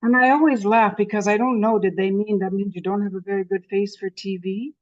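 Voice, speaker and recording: A Canadian woman past sixty-five, giving a lively motivational talk and telling her story with self-deprecating humor. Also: medium pitch, fairly quick, no room sound, muffled recording. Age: over 65. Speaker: conference speaker.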